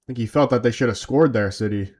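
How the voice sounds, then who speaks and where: Male fan streamer, tired, casual chat plus play-by-play calls, slangy and relaxed. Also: medium pitch, fast talker. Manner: loose, chatty, slangy. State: tired from little sleep. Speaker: fan watch-along streamer.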